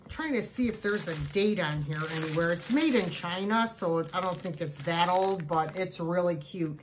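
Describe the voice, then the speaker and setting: A woman's voice: on the low side, moderate pace, a little hiss or hum. A woman chatting casually to camera as she shows her yard sale haul, gushing over each cute find. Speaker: thrift haul vlogger. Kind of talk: casual show-and-tell chat.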